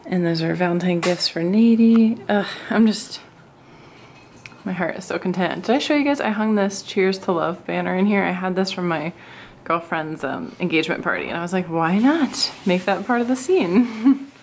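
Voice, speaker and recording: A young woman chatting casually to camera in her bedroom, gushing and excited, with frequent gasps and little laughs. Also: on the low side, normal speed, gravelly, a little hiss or hum. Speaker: lifestyle vlogger. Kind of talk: casual vlog chat. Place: home bedroom.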